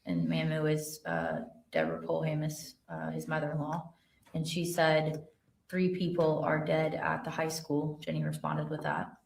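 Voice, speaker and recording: A woman investigator testifying in a courtroom, reading text messages aloud in a plain, steady way with fillers. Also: low voice, moderate pace, vocal fry, a little hiss or hum. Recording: roomy courtroom audio from far off.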